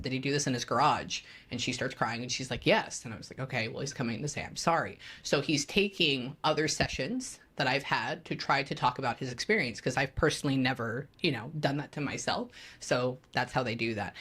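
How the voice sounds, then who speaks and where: A young adult woman, a medium who is a guest on a podcast, telling an animated story in casual conversation and acting out what she hears. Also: rumbling low, slightly rough. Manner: animated storytelling, acts out voices and pings.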